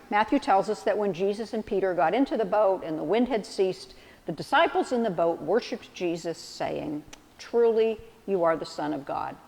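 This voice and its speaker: A woman's voice: mid-range voice, a little mellow, big-room sound. A woman pastor delivering a sermon, reflective and storytelling with vivid analogies.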